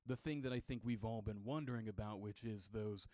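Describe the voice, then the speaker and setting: Male gaming YouTuber, excitable and chatty, mid-pitched, recorded close and dry. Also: fairly quick, no room sound. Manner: excited, enthusiastic. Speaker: video game commentator. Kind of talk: trailer breakdown commentary.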